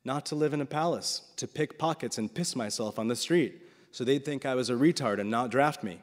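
A man voicing a fierce, defiant old Russian grandfather, speaking loudly and emphatically. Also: medium pitch, brisk, in a large hall, natural voice.

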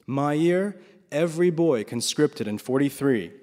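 A man doing a loud fierce old grandfather. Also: fairly high pitch, lively intonation, a little slow, in a large hall, pitched above the performer's own voice. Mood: defiant.

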